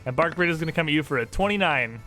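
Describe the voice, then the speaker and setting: A man's voice: a little high, animated, very fast, pushed and bright, faint music behind. A man running a tabletop game as game master, narrating loosely with frequent laughs and swearing.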